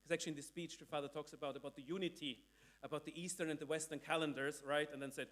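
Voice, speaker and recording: A man with a slightly high voice preaches in a loose, conversational way, often restarting his sentences and checking in with "right?". His voice is recorded in a church hall, with a faint mains hum underneath. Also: fast, a bit bright. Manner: conversational, with many restarts and tag questions. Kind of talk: sermon retelling a speech.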